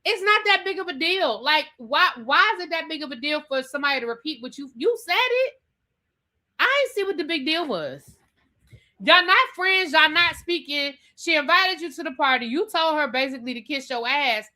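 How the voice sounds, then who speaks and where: A woman's voice: high voice, lively intonation, fairly quick, sharp tone. A woman hosting a live show, reviewing a reality TV episode in a chatty, sassy way and repeating her points. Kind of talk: casual live rant reading viewer comments.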